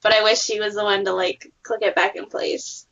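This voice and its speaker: A young woman talks casually on a fan podcast and fills her sentences with "like". Her voice sits at a middle pitch. The recording is dull and lo-fi. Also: level tone, moderate pace, vocal fry, background noise. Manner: chatty, lots of "like" fillers. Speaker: podcast co-host. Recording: dull lo-fi sound.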